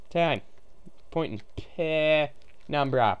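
Goofy streamer with a lively, bouncing voice. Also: medium pitch, normal speed. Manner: goofy and rambling, greeting viewers, with sudden excited shouts. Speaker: game streamer. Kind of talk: casual live-stream commentary.

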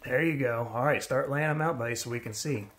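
A woman's voice: rumbling low, fast. A woman with the hiccups, casually cheering on a child as they open trading cards together at home. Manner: encouraging, easygoing, cheering the child on. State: has the hiccups. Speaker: parent co-hosting a card-opening video. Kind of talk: casual chat. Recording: clear background noise.

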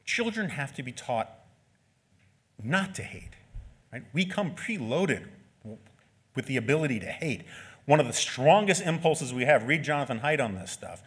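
A man's voice: mid-range voice, breathy edge. A man in his forties giving an unscripted talk as an author, with wry asides and frequent "right?" tags. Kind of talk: speaking at an event. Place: lecture venue.

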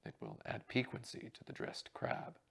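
A man reading as a booming, jovial stage actor. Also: normal speed, a bit bright, natural voice. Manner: breezy, booming and theatrical.

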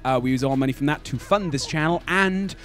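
A man's voice: a little high, fairly quick, fairly bright tone. A man hosting a gaming video in rambling, self-mocking casual chat, laughing often.

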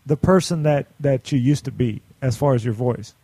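A man's voice: mid-range voice, moderate pace, mellow, no echo. A man from India with an American accent, hosting an interview and asking curious, joking questions. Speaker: radio show host. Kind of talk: casual interview chat.

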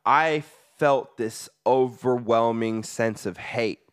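Young American male guest, rambling and halting, mid-range voice. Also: medium pitch, fairly bright tone, clean tone. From United States. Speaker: podcast guest, rapper. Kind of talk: casual chat.

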